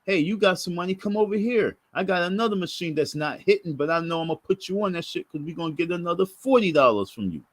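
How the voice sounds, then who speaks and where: A man's voice: high voice, lively intonation, quick pace, hardly any pauses. A man voicing a brash female casino attendant who teases and coaxes a gambler, in a wheedling tone. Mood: coaxing. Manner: wheedling, teasing.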